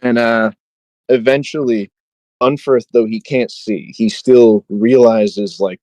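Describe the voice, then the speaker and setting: A man's voice: mid-range voice, fairly even intonation, takes it slowly, darkish tone, dry recording, poor audio. A man co-hosting a podcast, chatting casually with many fillers and reading book passages aloud with light dramatic emphasis. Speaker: podcast co-host.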